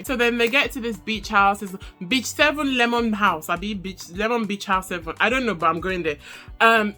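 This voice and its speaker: Bright-voiced woman gossiping. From Nigeria. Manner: animated, laughs often, mimics people in high voices. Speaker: reality show reviewer. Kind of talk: casual chatty recap vlog.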